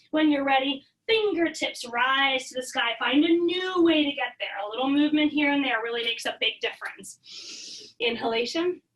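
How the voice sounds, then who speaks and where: High-voiced woman guiding a yoga class. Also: recorded from a distance, low-quality recording. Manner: encouraging, calm cueing with breathy sighs. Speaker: yoga instructor. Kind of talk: guided yoga class instruction. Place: home basement.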